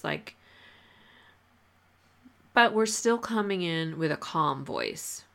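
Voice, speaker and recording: A woman hosting a podcast, giving advice in a relaxed, conversational way with many fillers and restarts. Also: deep voice, slow pace, gravelly, long pauses. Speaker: podcast host. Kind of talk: casual advice talk.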